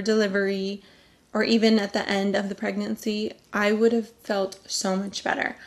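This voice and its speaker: A young woman from California talking casually to camera, giving candid, chatty advice with lively emphasis. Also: medium pitch. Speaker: vlogger.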